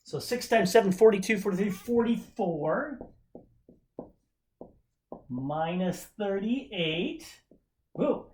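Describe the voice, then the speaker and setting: A woman's voice: medium pitch, expressive, slow, long pauses, warm tone, slight background noise. A woman teaching a chemistry lesson remotely in a chatty way, with joking asides while she counts aloud. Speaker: chemistry instructor. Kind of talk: casual remote lecture.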